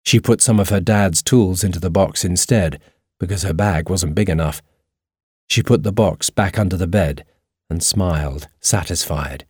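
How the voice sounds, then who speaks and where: A man narrating a storybook in a steady, even reading voice. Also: sits low, normal speed, husky, no echo, studio quality.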